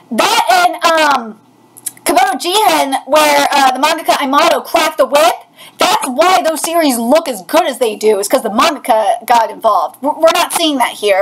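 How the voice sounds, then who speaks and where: High, animated woman streamer. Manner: excitable and outspoken, shouts and swears. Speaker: streamer reacting to manga. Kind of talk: live reaction with manga read aloud. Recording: loud background hiss.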